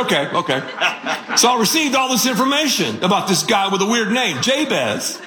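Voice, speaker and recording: A man preaching a sermon as pastor, telling stories in an animated, joking way. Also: high voice, normal speed, roomy sound, noisy background.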